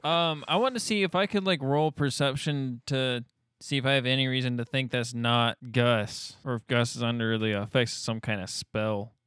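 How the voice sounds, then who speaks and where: A man's voice: medium pitch, steady tone, normal speed, fairly bright tone, smooth, dry recording, clean studio sound. A man playing a tabletop game, understated and a little hesitant. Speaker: player. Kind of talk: casual tabletop play.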